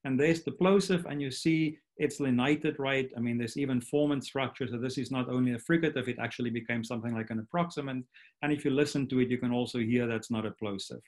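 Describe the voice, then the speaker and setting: A man's voice: medium pitch, quick pace. A man giving an academic lecture as a guest speaker at an online workshop, explaining each step and often checking in with "right?".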